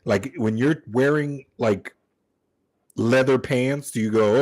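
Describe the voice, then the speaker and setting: A man hosting a live watch-party stream, chatting casually about the film with animated, profane commentary and acting out bits of dialogue. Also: mid-range voice, moderate pace.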